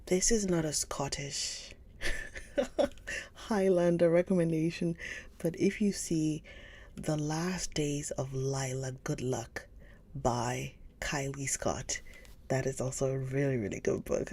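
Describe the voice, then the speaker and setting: A woman hosting a live book stream, chatting casually with viewers, gushing and often slipping into a soft whisper. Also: low-pitched, slow, breathy edge. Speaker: livestream book reader host.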